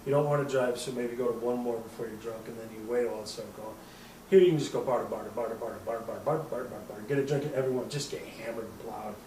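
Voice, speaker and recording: A man's voice: medium pitch, rapid-fire, mellow. Casual host, man, profane rambling storyteller; roomy distant sound with faint background hum. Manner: rambling, profane, laughing at his own story. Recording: roomy, off-mic with faint ambience.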